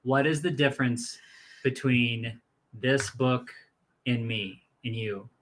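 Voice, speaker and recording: A man's voice: medium pitch, takes it slowly, fairly bright tone, a little hiss or hum. A man co-hosting a casual live chat, playfully teasing and telling jokes. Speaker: podcast co-host.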